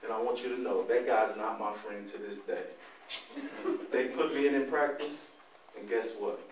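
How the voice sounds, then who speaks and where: A man giving an animated motivational talk to young people, telling stories and often turning to the audience with questions. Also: fairly low pitch, normal speed, slight background noise. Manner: animated storytelling, talks to the audience. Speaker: motivational speaker. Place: large room, speaking to a live audience. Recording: echoey room, mic far off.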